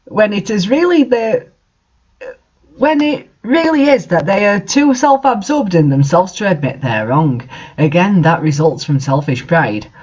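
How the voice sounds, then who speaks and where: A reader giving a mock-dramatic reading of an author's note, theatrical, with sudden shouted outbursts. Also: mid-range voice, animated, a little slow, breathy edge, muffled recording. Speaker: reader of fan fiction.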